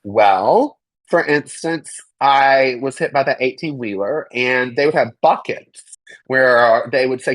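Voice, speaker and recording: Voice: medium pitch, moderate pace, dry recording, low-quality recording. A young adult interview guest giving emphatic, indignant personal testimony, swearing freely and mocking others in quoted voices.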